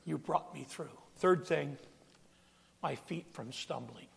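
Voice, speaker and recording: A man's voice: fairly high pitch, slow pace, creaky. A man preaching a sermon from a church sanctuary, acting out scripture scenes and calling out to his congregation. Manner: dramatic, acts out scripture quotes, calls to congregation. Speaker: pastor. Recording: long reverb of a large hall.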